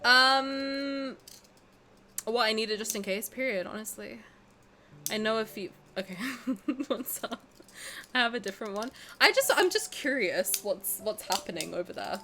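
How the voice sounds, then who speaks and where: A woman's voice: on the high side, expressive, a little slow, bright, forceful tone, a little hiss or hum. A young woman streaming a game, chatting casually and rambling to her chat with giggles.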